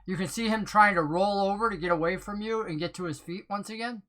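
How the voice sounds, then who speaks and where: A game master narrating a tabletop game, excitable and often laughing, with plenty of ums and whatnots. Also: mid-range voice, quick pace.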